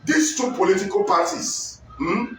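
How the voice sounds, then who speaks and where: A man from Nigeria on a political panel, talking in an animated way with many hesitations and asides. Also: high voice, unhurried, a little hiss or hum. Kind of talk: political discussion. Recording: echoey room, voice from far off, faint music.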